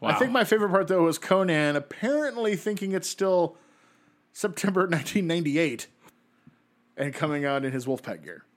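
Male podcast co-host, slightly higher voice, lively casual recapper. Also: moderate pace. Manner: animated storyteller, laughs often, acts out quotes. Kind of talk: casual chat.

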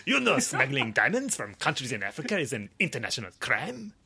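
A man's voice: medium pitch, wildly swooping pitch, a little fast, creaky, crowd noise, pitched above the performer's own voice. A man voicing a menacing French police captain in an over-the-top fake French accent, laughing through the lines. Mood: interrogating.

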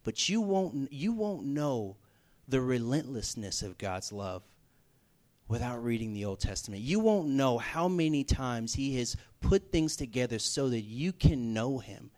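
Young male preacher, animated storyteller, swings between hushed and loud emphasis. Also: medium pitch, unhurried. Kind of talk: storytelling sermon.

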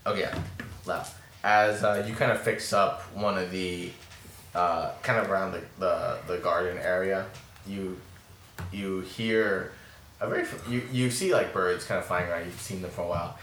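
Low, bright-toned male game master. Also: fairly even intonation. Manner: halting, with many fillers and restarts. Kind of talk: narrating a tabletop game. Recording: roomy echo with faint hiss.

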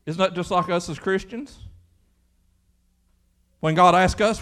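A man's voice: high-pitched, unhurried, fairly bright tone. A man preaching a folksy sermon in church, acting out the voices from the Bible story. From Kentucky. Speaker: pastor.

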